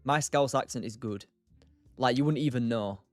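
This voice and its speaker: A man's voice: mid-range voice, normal speed, a little mellow, no echo, soft background music. Chatty young man hosting a trading stream. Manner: chatty, reads and answers chat by name, laughs often. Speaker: livestream day trader host. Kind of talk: casual live-stream chat.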